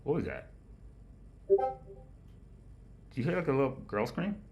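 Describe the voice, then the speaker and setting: A man hosting a casual livestream about markets, with a nasal voice, rambling, swearing often and laughing loudly. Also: mid-range voice, wildly swooping pitch, a little slow, gravelly, highs cut off. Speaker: livestream host of a market analysis show. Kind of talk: casual profane chat.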